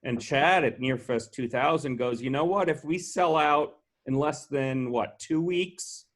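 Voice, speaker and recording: A man's voice: fairly high pitch, unhurried. A man, a festival co-founder, telling anecdotes in a casual way and acting out what other people said. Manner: animated, acts out quoted dialogue.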